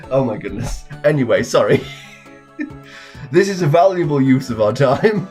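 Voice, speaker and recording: A man's voice: mid-range voice, big pitch swings, moderate pace, long pauses, a little mellow, faint music behind. A man giving rambling, self-mocking commentary on a game he is playing. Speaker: gaming video host. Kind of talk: let's play commentary.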